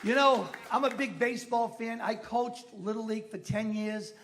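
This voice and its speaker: A man's voice: high voice, normal speed, noisy background. A middle-aged man from Massachusetts doing a stand-up routine, telling a story with acted-out voices and brash punchlines in a comedy club.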